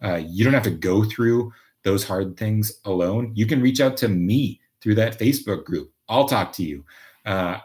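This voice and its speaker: This livestream host, a Minnesota man, has a fairly low, slightly mellow voice and talks at a normal speed. He chats casually and reads out viewer comments, wandering along with many fillers and false starts.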